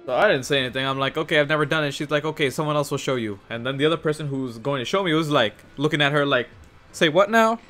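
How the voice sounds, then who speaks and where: Young guy ranting a story, kinda high voice, acts out everyone, faint music underneath. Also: very fast, hardly any pauses. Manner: animated, swears, acts out quotes in shifting voices. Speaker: gaming youtuber. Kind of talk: casual storytelling vlog.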